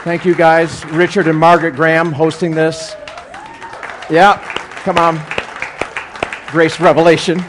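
A man speaking as a guest church speaker, telling a humorous story in a sermon with animated, chuckling delivery. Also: a little high, measured pace, long pauses, some chatter behind, a little hiss or hum.

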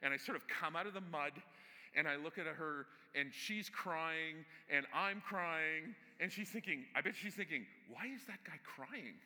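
A man's voice: a little high, moderate pace, sharp tone, big-room sound. A male pastor preaching a sermon in a church, telling stories casually with humor and asides to the congregation.

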